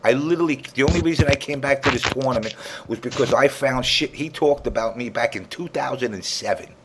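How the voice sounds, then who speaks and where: A man's voice: mid-range voice, fairly quick, heavy background noise. A man hosting a gaming talk show, telling a long story casually, rambling, repeating himself and swearing freely.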